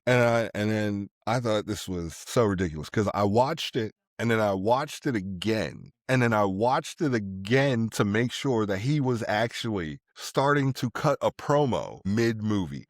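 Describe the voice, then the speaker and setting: A man with a low voice walks through an action movie scene by scene. He recaps casually and playfully, tossing in jokey asides. The recording is dry and close. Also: animated, normal speed, few pauses, dry recording. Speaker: podcast co-host.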